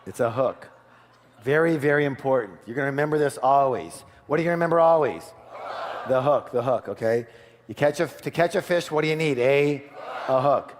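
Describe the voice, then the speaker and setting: A man's voice: medium pitch, a little fast, slight background noise. Seminar speaker man in a reverberant hall. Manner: lively, quizzes the audience with call-and-response questions. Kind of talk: live seminar talk to an audience.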